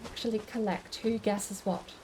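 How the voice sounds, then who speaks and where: A woman's voice: medium pitch, fairly even intonation, normal speed, noisy background. A woman streamer in casual chat, musing aloud and answering chat comments as she goes. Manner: chatty and musing, with many restarts.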